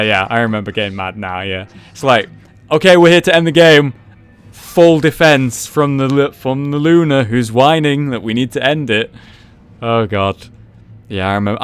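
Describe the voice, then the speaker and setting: A young man with a smooth, clear voice commentates his own gameplay in casual talk. He rants with frustration and swears freely, then breaks into excited shouts when the action heats up. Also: mid-range voice, no room sound. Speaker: gaming YouTuber commentating his own match.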